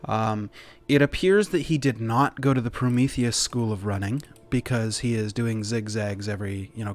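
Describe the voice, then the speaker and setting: A man narrating as game master in a casual, rambling way, with many fillers. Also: lowish voice.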